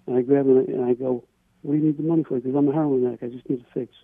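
Guy on a phone call, gravelly husky voice, halting earnest storytelling, tinny line. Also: medium pitch, fairly even intonation, no room sound. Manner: earnest, halting, many repeated words. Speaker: caller. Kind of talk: telling a personal story. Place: on a phone call to a radio show.

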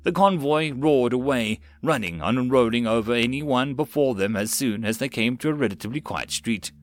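Man narrating an audiobook, steady plain reading, mid pitch, dry close sound. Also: moderate pace, no echo.

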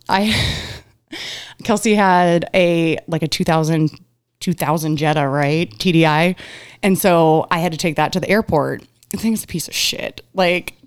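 This woman chats on a podcast, telling stories at a brisk clip and jumping up in pitch for quoted lines. Her voice is smooth and clear. The sound is close and dry, with no room around it. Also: no echo. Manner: animated storyteller, acts out quotes, laughs, swears. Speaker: guest. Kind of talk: casual podcast chat.

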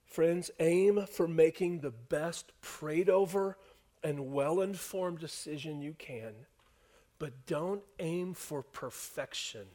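A male pastor delivers a sermon to his congregation in a noticeably high voice. He drops to soft, hushed lines and then climbs back to loud, emphatic passages. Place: church hall before a congregation.

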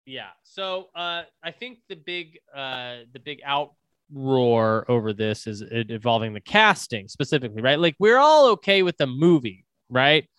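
A man's voice: mid-range voice, lively intonation, unhurried, fairly bright tone, clean tone, no room sound. A man co-hosting a podcast, rambling and restarting in casual chat. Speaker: podcast co-host.

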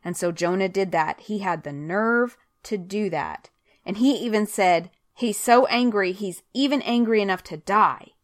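A woman's voice: medium pitch, a little slow, no room sound, studio quality. Earnest woman teaching a Bible study. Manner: earnest, chatty, reads scripture aloud. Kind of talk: conversational Bible study talk.

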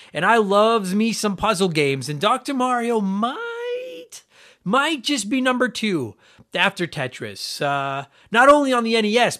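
A young man hosting a retro gaming podcast, chatting casually with jokes and plenty of swearing. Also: high-pitched. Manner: energetic, swearing, joking asides. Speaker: podcast host. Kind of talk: casual profane podcast chat.

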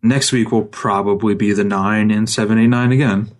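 A man co-hosting a casual gaming podcast, talking in a wry, rambling way with quick asides. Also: lowish voice, steady tone. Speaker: podcast co-host.

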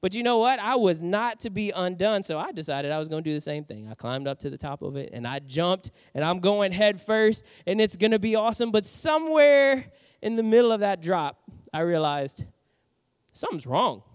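A middle-aged male preacher tells a personal story in his sermon, acting out the voices in the tale. His voice sits a little high for a man. The sound is dry and somewhat muffled. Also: moderate pace, clear, resonant tone, no echo. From New Orleans, USA. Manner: animated storyteller, acts out quotes. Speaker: pastor.

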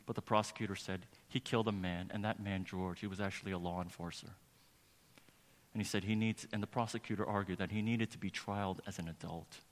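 A man with a low voice preaches a sermon. He tells a story earnestly and builds toward emphatic, rising preaching. His voice rings with a long reverb from a large church hall. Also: fairly even intonation, brisk. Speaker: pastor.

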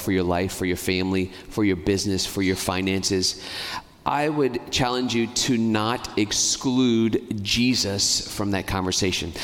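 Earnest priest preaching in a reverberant church. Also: male voice, on the low side. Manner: earnest, pleading, speeds up and slows down. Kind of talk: sermon.

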